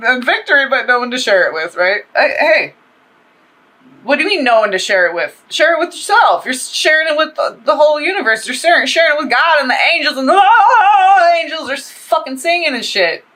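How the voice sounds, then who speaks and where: A woman with a bright voice chats through a tarot reading. She rambles, swears freely and gets animated as she talks. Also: a little high, rough recording. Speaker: tarot reader. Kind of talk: casual tarot reading monologue.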